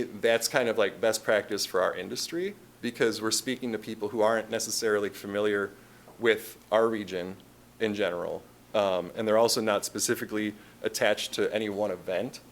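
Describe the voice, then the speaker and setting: A man with a Chicago accent presenting a tourism marketing plan to a city council, casual and conversational with frequent fillers and restarts. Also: lowish voice. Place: council meeting chamber.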